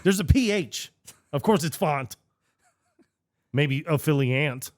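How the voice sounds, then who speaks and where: A man co-hosting a podcast, telling stories in a stubborn, deadpan way in casual chat. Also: on the high side, takes it slowly, no room sound, clean studio sound. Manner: stubborn, deadpan storytelling with swearing. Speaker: podcast co-host.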